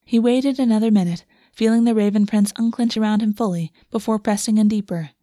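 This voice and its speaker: A woman reading a fantasy romance aloud as narrator, in a soft, steady storytelling voice on a close microphone. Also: medium pitch, fairly quick, no room sound. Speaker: audiobook narrator. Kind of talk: scripted narration.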